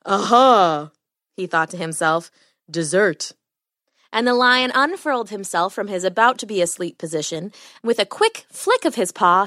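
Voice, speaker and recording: A woman hosting a children's podcast and narrating a bedtime story in an animated, expressive way. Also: mid-range voice, no room sound, studio quality.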